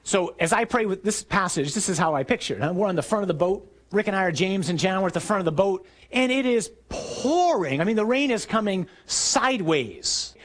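A man preaching a sermon, telling stories vividly and acting out shouted lines. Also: high-pitched, brisk, hardly any pauses. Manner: animated storytelling, acting out shouts.

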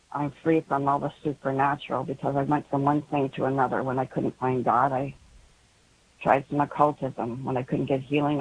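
Woman, radio caller, halting, emotionally strained, monotone, faint hiss. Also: sits low, rough recording. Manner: hesitant, halting, with many pauses and ums. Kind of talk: call-in radio conversation.

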